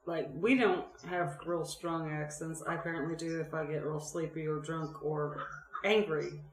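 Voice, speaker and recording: A woman from Oregon co-hosting a podcast in casual chat, blunt and quick to swear as she tells stories. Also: deep voice, fairly even intonation. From Oregon, USA. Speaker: podcast co-host. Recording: roomy echo.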